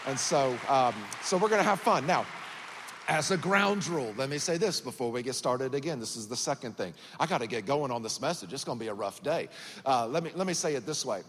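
A man's voice: medium pitch, lively intonation, brisk, fairly bright tone, slight background noise. Southern man preaching in a big echoing church. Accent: Southern US (Georgia). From Georgia, USA. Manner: folksy, joking, conversational. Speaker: guest pastor. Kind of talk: sermon. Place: large church auditorium. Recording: church hall reverb.

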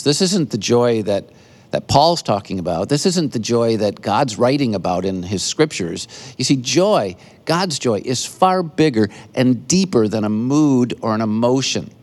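An older man preaching a sermon as pastor, earnest, often pausing and repeating words, speaking from an empty church building. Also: mid-range voice, big pitch swings.

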